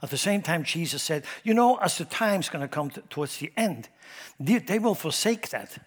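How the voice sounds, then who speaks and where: A man preaching a sermon who speaks emphatically, swinging his loudness up and down and asking his congregation rhetorical questions. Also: on the high side, expressive, moderate pace, husky. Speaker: pastor. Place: church sanctuary. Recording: long hall reverb.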